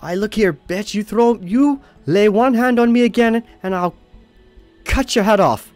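A man puts on a tavern brawler who has just been thrown into the snow, shouting threats and curses. The voice is raised, loud and pushed higher than normal. Behind the bluster, he stammers. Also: measured pace, no echo, soft background music. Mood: furious. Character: brawling townsman, angry, swearing, threatening.

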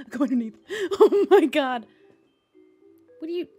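A woman streamer roleplaying a rat in a video game, with a put-on New York rat voice and an excitable, giggly manner. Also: high-pitched, takes it slowly, over loud music.

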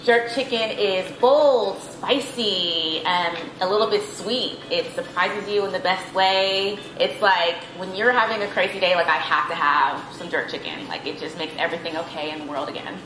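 A woman's voice: lowish voice, normal speed, hardly any pauses, noisy background. A woman from Los Angeles talking about her cooking in an interview clip, upbeat and enthusiastic. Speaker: home cook in an interview clip. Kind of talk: interview talk. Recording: echoey with music behind.

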